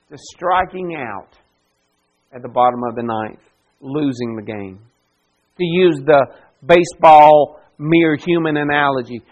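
A male pastor preaching an expository sermon, emphatic and given to repetition, swinging between hushed and loud. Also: sits high, low-quality recording.

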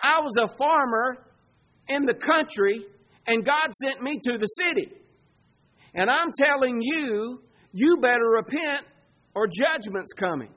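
A preacher voicing a blunt country prophet. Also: male voice, extremely high pitch, animated, measured pace, bright, forceful tone, pitched above the performer's own voice, heavily acted. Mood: urgent. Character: rustic male shepherd prophet, blunt and urgent.

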